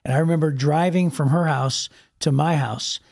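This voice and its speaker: A man's voice: on the high side, steady tone, moderate pace, creaky, a little mellow. A man from Ohio, a pastor, telling stories in a casual chat with lots of restarts and repeated words. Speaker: pastor and podcast co-host.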